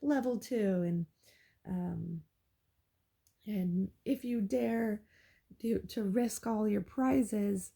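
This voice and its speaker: Woman as a teasing game announcer, slow and drawn out, gravelly tone. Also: mid-range voice, warm tone. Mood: taunting. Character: male game announcer, taunting the players.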